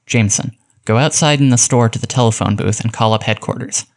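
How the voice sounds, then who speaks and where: A man reading aloud and voicing a confident male criminologist who gives crisp, commanding orders. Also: medium pitch, brisk, close to an everyday voice. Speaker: detective giving orders.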